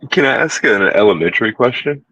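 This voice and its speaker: A student in an online class politely asking the teacher a hesitant question, heard through a remote microphone. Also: male voice, medium pitch, expressive, moderate pace, sharp tone, breathy edge, no echo, dull audio.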